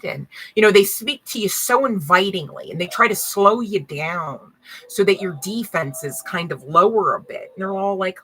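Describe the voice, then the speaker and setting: A woman's voice: medium pitch, animated, moderate pace, sharp tone, slightly rough, rough recording. A woman giving a spiritual card reading to her audience in a casual, blunt, slangy way, swearing and laughing often.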